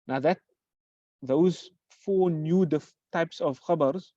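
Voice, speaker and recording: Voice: medium pitch, warm tone, no room sound. Teacher quizzing and self-answering, dull recording. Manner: asks questions and answers them; repeats example phrases slowly. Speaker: Arabic grammar teacher. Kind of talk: classroom lecture.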